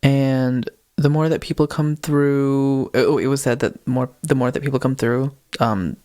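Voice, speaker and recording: A man's voice: mid-range voice, fairly even intonation, unhurried, warm tone. A man co-hosting a casual podcast, retelling a ghost video in a rambling way, often stopping to correct himself and giggling. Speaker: podcast co-host.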